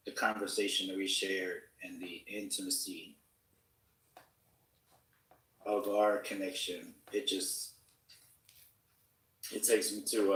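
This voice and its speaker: A man with a lowish voice talks slowly and reflectively, pausing often to find his words. He sits away from the mic, and the room adds echo. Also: a bit bright, recorded from a distance. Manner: halting, searching for words. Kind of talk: reflective conversation.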